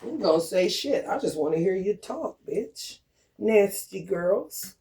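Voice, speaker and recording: A man's voice: sits high, animated, measured pace, creaky, dark tone. A man vlogging a profane, confrontational rant, swaggering and taunting his targets.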